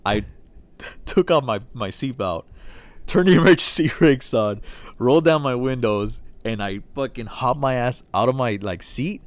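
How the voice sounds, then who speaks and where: A man's voice: medium pitch, measured pace, dry recording. Young man telling a wild story. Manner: animated storyteller, heavy cursing, acts out voices. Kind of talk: casual chat, storytelling.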